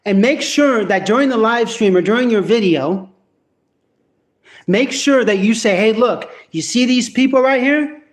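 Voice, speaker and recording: A man ranting casually to camera in a vlog at home, profane and rambling with many restarts. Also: high voice. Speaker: vlogger.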